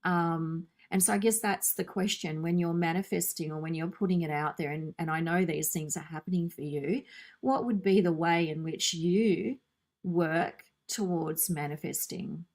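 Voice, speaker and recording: A woman's voice: fairly low pitch, normal speed, a little mellow. A woman hosting a podcast, talking earnestly in long, flowing turns with repeated phrases. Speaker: podcast host. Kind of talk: casual conversational interview.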